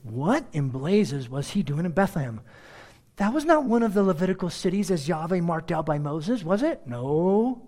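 A man preaching a verse-by-verse sermon with sarcastic asides and rhetorical questions, swinging between loud exclaims and hushed asides. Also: fairly high pitch, animated, normal speed. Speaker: pastor. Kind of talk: expository sermon.

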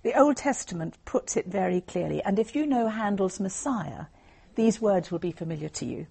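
A woman delivers an evangelistic Bible talk in an earnest, explanatory way. Her voice is warm and mellow, with a husky, breathy texture. She sits at a middling pitch for a woman. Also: expressive, moderate pace. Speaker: lay speaker giving a Christian talk.

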